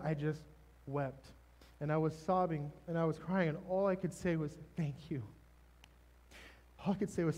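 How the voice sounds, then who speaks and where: A man preaching a sermon, telling a personal testimony in an emotional, halting way with many restarts. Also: on the high side, darkish tone. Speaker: pastor. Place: church stage.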